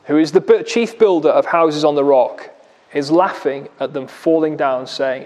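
A man's voice: fairly high pitch, normal speed, darkish tone, in a large hall. A man preaching a sermon in a church, explaining a passage with rhetorical questions and vivid retelling.

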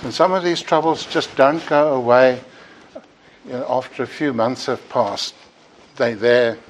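A man's voice: medium pitch, fairly even intonation, unhurried, slight background noise, rough recording. A man preaching a sermon in a church, earnest and emphatic, sometimes repeating words as he builds a point.

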